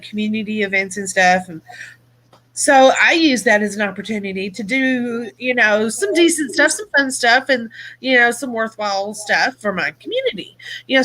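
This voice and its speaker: A woman's voice: medium pitch, pushed and bright. A woman, hosting a live stream and talking in a chatty, blunt, rambling way about managing her phone store. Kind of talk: casual live-stream chat.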